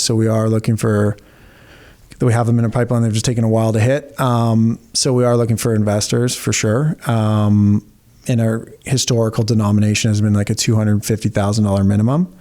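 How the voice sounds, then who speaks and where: Brief: relaxed male interview guest, low voice, warm and mellow tone. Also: a little fast. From Canada. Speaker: guest, real estate investor. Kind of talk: casual interview talk.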